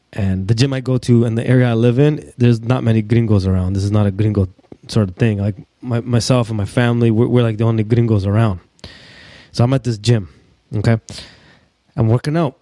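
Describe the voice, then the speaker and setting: A man hosting a podcast, rambling casually and excitably with plenty of swearing. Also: mid-range voice, no room sound, clean studio sound. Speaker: podcast host. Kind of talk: rambling live-stream monologue. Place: home studio in Mexico.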